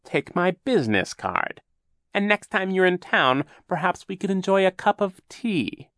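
A man's voice: sits high, very animated, a little slow, fairly bright tone, no room sound, studio quality, pitched above the performer's own voice, heavily acted. A man voicing a scheming male villain in disguise, smarmy and whiny. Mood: oily.

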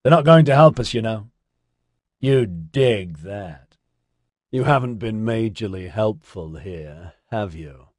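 A man voicing a laid-back, chatty young man who talks in hippie slang with an excitable drawl. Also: on the low side, takes it slowly, no room sound, studio quality. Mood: teasing.

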